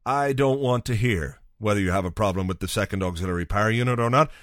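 A man's voice: lowish voice, quick pace, no room sound, clean studio sound. A man hosting a podcast, telling a rambling, profane, wry story in a casual solo monologue. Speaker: podcast host.

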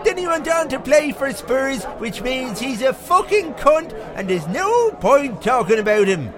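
A squeaky, sing-song pub regular, rambling through a crude comic rant and swearing without pause. His voice rides a loud crowd murmur like a busy bar, and he swings up and down with excitable energy. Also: full character voice. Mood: blunt. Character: foul-mouthed Irish pub regular, middle-aged man, boastful and crude. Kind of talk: comic character monologue.

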